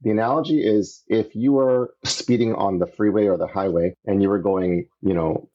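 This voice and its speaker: A man from Canada, a podcast guest, telling his story in an earnest, animated way and acting out the voices he quotes, on dull lo-fi audio. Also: lowish voice, moderate pace. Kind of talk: casual storytelling interview.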